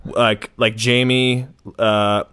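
A young man co-hosting a podcast chats casually about his dating life, rambling, restarting sentences, and using lots of filler. His mid-range voice is flat and very slow, with a clean, fairly bright tone.

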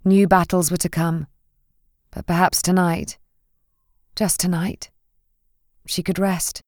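A woman narrating a novel in a measured, gentle reading. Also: fairly low pitch, level tone, no echo, studio quality. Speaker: audiobook narrator. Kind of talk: scripted narration.

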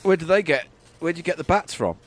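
A man's voice: on the high side, animated. A man playfully running a mock job interview in improvised comedy. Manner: playful interviewer, quick back-and-forth.

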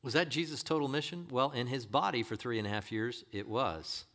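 Male preacher, sermon, forceful bright voice, emphatic, rhetorical questions. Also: mid-range voice, brisk. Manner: emphatic, rhetorical questions, addresses congregation directly.

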